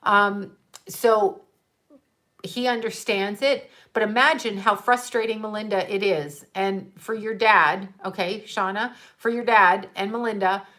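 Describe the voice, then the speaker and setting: A woman's voice: medium pitch, steady tone, a little slow, a bit bright. A middle-aged woman working as a psychic medium, chatting casually and candidly with viewers, swearing and laughing often. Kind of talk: casual livestream chat with viewers.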